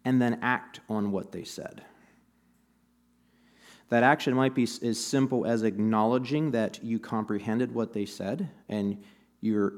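A man's voice: medium pitch, darkish tone. A man preaching a sermon in a conversational, storytelling way, with bits of humor, to a church audience. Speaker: pastor.

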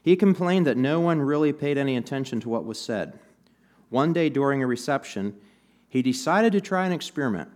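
A male pastor delivers a sermon in a relaxed, conversational voice at an ordinary middle pitch. He leans into anecdotes and light humor while talking to his congregation in a church. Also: fairly quick.

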